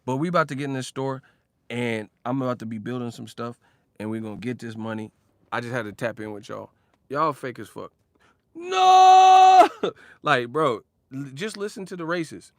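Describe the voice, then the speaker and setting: A man ranting casually about boxing, animated and profane, laughing often. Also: medium pitch, a little fast, dry recording. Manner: animated, profane, laughs often, mocks others with sudden shouts. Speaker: boxing commentator.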